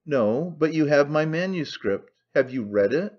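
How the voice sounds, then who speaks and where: A man doing a squeaky, lisping vain old writer. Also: lively intonation, measured pace. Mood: fussy. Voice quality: squeaky with a soft gentlemanly lisp. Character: fussy vain aging male writer. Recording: dull lo-fi recording.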